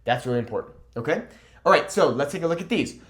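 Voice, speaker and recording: A man's voice: on the high side, expressive, quick pace, a bit bright. A man teaching a Spanish grammar lesson at a whiteboard, upbeat and emphatic, checking in with "okay?" after almost every point.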